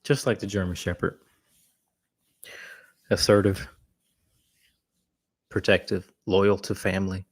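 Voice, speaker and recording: Blunt, low-voiced male dog trainer. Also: flat delivery, takes it slowly, pauses often. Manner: blunt, casual, frequent restarts. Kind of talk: live Q&A talk.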